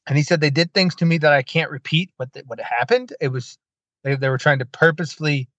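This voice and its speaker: Higher-voiced man telling a story on a dull recording. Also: no echo. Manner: animated retelling that acts out quoted lines, with sarcastic asides. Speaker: podcast host. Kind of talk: casual storytelling chat. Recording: dull lo-fi dry sound.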